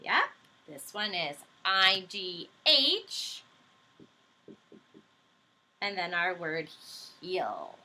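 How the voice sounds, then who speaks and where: A woman's voice: on the low side, very animated, drawn-out words, long pauses, bright, forceful tone. A woman teacher leading a phonics lesson for young children, patient and encouraging, stretching out words and letters as she spells them.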